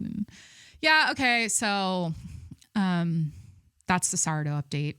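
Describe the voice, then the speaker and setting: A woman's voice: on the low side, big pitch swings, slow pace, pauses often, pushed and bright, clean tone, no room sound, clean studio sound. Rambling young woman podcast host. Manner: rambling, filler-heavy, self-interrupting. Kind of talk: casual chat.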